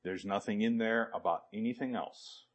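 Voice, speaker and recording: A man's voice: lowish voice, normal speed. A man preaching a sermon, quoting scripture and asking the congregation questions with emphatic delivery. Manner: asks the audience questions, emphatic.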